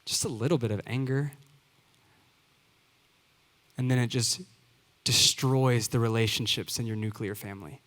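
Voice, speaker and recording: A man's voice: medium pitch, steady tone, normal speed, pauses often, fairly bright tone. A man in his twenties, a youth pastor preaching a sermon in earnest, building to emphatic repeated phrases. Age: 20s. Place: church sanctuary. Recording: long hall reverb.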